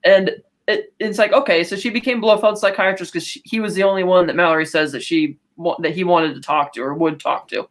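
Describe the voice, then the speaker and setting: A woman co-hosting a podcast, casually recapping a film and quoting characters in quick asides. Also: fairly low pitch, fairly even intonation. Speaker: podcast co-host.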